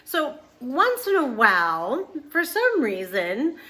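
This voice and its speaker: A woman's voice: high-pitched, wildly swooping pitch, slow, pushed and bright. A middle-aged woman who hosts her own channel, telling a personal story in casual talk that rambles, with many restarts and fillers. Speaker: channel host.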